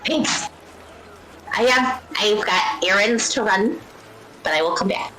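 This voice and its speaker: A woman's voice: mid-range voice, takes it slowly, bright, forceful tone. A woman playing her character in a tabletop game, playful and childlike. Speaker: player. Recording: echoey room with clear noise.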